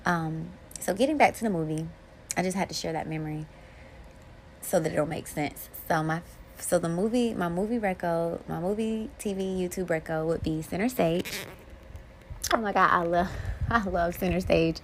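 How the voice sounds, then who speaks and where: A woman's voice: on the low side, normal speed, slight background noise. Heartfelt woman hosting a solo podcast. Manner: candid and heartfelt, swinging between soft and bright. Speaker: podcast host. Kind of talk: casual solo podcast talk.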